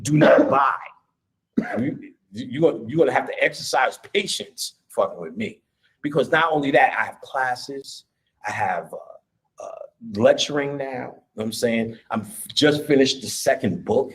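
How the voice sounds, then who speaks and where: Speaking on the high side, a swaggering man gives a blunt, foul-mouthed live lecture in a casual style, laughing and shouting whenever he gets fired up.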